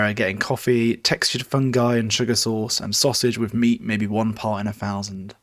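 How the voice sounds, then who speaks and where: A podcast host recaps a book in a loose, rambling style, swearing and using fillers and self-corrections along the way. His voice is lowish, and the studio-quality recording has no echo.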